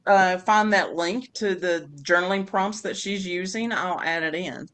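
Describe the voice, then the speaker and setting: A woman who co-hosts a podcast, reading her own story aloud with expressive, dramatic pacing and then chatting casually. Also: lowish voice, a little slow, clear, resonant tone. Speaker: podcast co-host.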